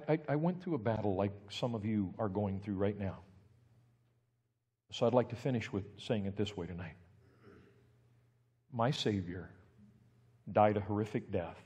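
Impassioned preacher in a reverberant church hall. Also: male voice, lowish voice, breathy edge. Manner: impassioned, rising to loud emphatic peaks. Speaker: pastor. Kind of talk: sermon. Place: church sanctuary.

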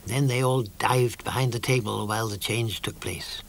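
An older British man narrating a children's cartoon in a measured storytelling manner. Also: mid-range voice, fairly even intonation, slight background noise. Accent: British English. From Britain. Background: music.

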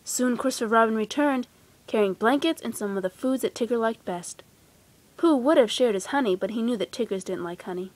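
A woman gently and expressively reading a children's storybook aloud. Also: fairly high pitch, brisk. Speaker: storybook reader.

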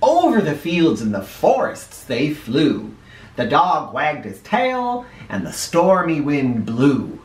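A man reading a children's picture book aloud in a playful, animated way. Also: fairly high pitch, slow. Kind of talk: read-aloud storytelling for kids. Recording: echoey room, mic at a distance.

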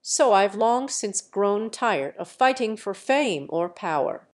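A woman reading the part of a brash, easygoing young male martial hero who talks in a calm, lecturing, self-assured way. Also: mid-range voice, takes it slowly.

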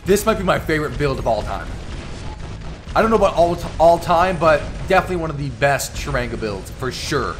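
A man giving excitable live commentary over his own gameplay, teasing and taunting the opponents as he plays. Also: on the high side, a little fast, over music. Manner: excitable, trash-talking the enemies. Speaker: gaming YouTuber.

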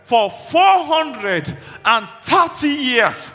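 A male pastor delivering a fervent sermon, building to shouted declarations of faith. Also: very high voice, very animated, very slow. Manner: impassioned preaching with shouted declarations. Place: church hall. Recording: reverberant hall with faint music.

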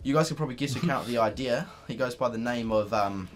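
A man's voice: mid-range voice, fast talker. A young man hosting a gaming video, giving casual, profane, joking commentary while he plays.

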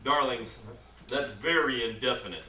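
A man's voice: medium pitch, expressive, moderate pace, noisy background, lightly acted. A young man on stage playing a flustered, coaxing nephew, heard from a far mic in an echoey hall. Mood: nervous, coaxing. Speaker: stage actor. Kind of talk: amateur stage play.

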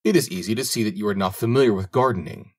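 A man's voice: lowish voice, fast talker, lightly acted. A man reading an old peasant father, stern and worried. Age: older. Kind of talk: audiobook reading.

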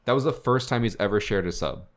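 A man's voice: lowish voice, fast. A young man co-hosting a podcast in casual chat, telling gaming stories with quoted voices and frequent laughter. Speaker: podcast co-host and streamer.

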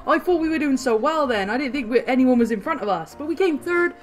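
A woman playing a video game and commenting as she goes, excitable, often crying out and repeating words when things go wrong, a little hoarse. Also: high-pitched, fast, hardly any pauses. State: slightly hoarse. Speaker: gaming channel host. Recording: faint background music.

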